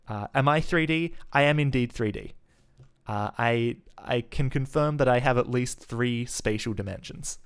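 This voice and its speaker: A man's voice: medium pitch, clear, resonant tone. A man from Adelaide with a mild South Australian accent, chatting casually with viewers while thinking aloud through code on a live stream, with frequent fillers and restarts.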